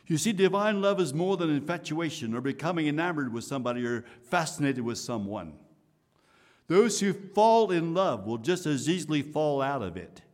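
A man preaching a sermon, swinging from loud emphatic lines to soft hushed asides. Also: a little high, animated, normal speed. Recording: long hall reverb.

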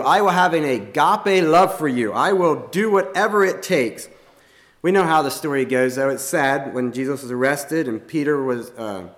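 A man preaching a sermon in an earnest, plain-spoken way, often pausing and restarting his sentences. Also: on the high side. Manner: halting, many restarts and fillers.

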